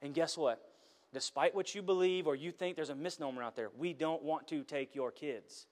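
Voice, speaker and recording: A middle-aged man, a pastor, giving an earnest, emotional sermon testimony with halting restarts. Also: fairly high pitch, a little mellow. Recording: long hall reverb.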